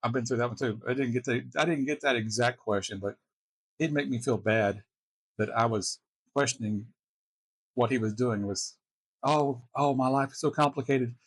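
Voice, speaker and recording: A man hosting a reaction video, telling personal stories in a halting, casual way with wry chuckles. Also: mid-range voice, husky, no room sound. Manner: halting, restarts often, chuckles wryly.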